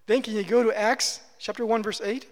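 A man's voice: high voice, steady tone, brisk, gravelly. A man preaching a sermon as pastor, emphatic and repeating phrases for stress. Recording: long hall reverb.

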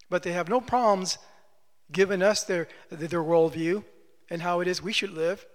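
A man's voice: high voice, a bit bright. A man preaching a sermon as pastor, exhorting with emphatic repetition, in a long church reverb.

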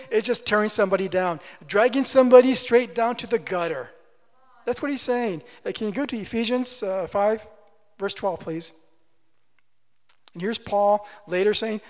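Male preacher, high voice, emphatic sermon delivery with rhetorical questions, reverberant church hall. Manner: emphatic, repeats phrases, asks the congregation questions. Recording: long reverb of a large hall.

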